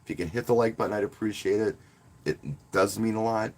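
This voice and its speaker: Man, wedding DJ, casual live stream, husky, lowish voice, rambling and friendly. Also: quick pace. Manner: rambling, friendly, repeats words when restarting. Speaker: wedding DJ and channel host.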